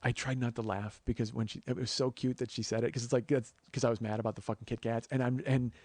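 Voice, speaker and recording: A man's voice: mid-range voice, little pitch movement, fast talker, darkish tone, no room sound. A man in his forties hosting a podcast, telling a comic story in a rambling way, full of stammered restarts and the odd swear word. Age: 40s. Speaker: podcast host.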